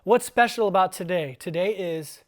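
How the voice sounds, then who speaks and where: A man who teaches and hosts a casual school podcast, talking in a playful, chatty way. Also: high voice. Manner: playful, chatty, sounds out words slowly. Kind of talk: casual interview.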